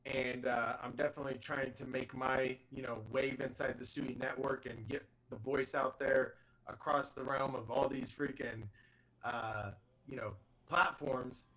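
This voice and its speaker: A man's voice: medium pitch, little pitch movement, a little slow, a bit bright, rough recording. A man hosting a live online audio chat, enthusiastic and rambling with lots of fillers. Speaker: host of a live audio space.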